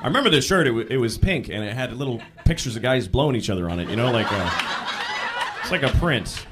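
A male comedian telling stories in a stand-up set, shouting out the lines of people he acts out. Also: mid-range voice, fast, background noise. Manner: animated storytelling, shouting acted-out quotes. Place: comedy stage. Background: audience laughter.

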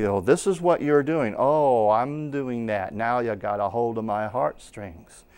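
A man's voice: medium pitch, smooth. A middle-aged man, a pastor, teaching in a conversational sermon style and acting out little anecdotes. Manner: conversational preaching with acted-out anecdotes. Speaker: pastor teaching at a Bible school.

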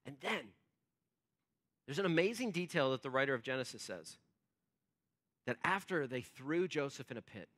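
A male pastor giving a sermon as relaxed storytelling, acting out quotes and using many fillers. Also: medium pitch, normal speed, pauses often. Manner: conversational storytelling, acts out quotes, frequent fillers. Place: church.

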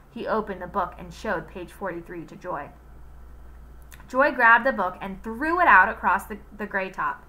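A woman reading a children's book aloud in an expressive, unhurried way. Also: medium pitch, rough recording.

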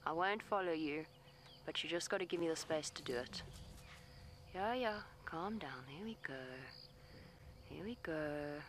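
A woman's voice: sits low, measured pace, long pauses, noisy background. A woman safari guide talking outdoors from her vehicle, coaxing an elephant in a soothing, pleading voice and explaining its behavior to viewers. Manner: explains animal behavior matter-of-factly. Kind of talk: live commentary to camera.

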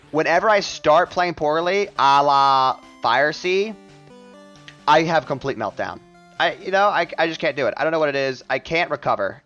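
Lively, high-voiced excitable streamer guy. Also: lo-fi sound. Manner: excitable, jokey, self-mocking, talks to chat. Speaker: speedrun streamer. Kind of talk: live gameplay commentary to chat.

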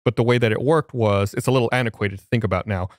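A man's voice: on the low side, quick pace, dry recording, clean studio sound. A man co-hosting a podcast, explaining things step by step in casual chat. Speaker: podcast co-host.

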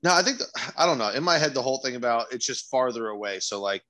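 A man's voice: medium pitch, expressive, quick pace, fairly bright tone, low-quality recording. A man co-hosting a podcast, joking and rambling with casual swearing. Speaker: podcast co-host.

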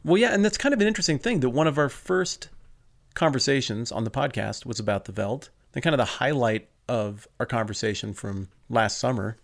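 A man's voice: medium pitch, animated, brisk. A man co-hosting a podcast, chatting casually with a dry, teasing humor. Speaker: podcast co-host. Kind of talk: casual chat.

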